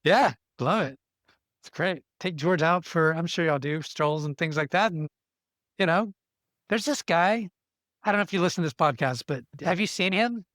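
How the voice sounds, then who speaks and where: A man's voice: a little high, moderate pace, a bit bright, dry recording. A middle-aged man hosts a casual interview, chatty and encouraging, rambling with restarts. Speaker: podcast host.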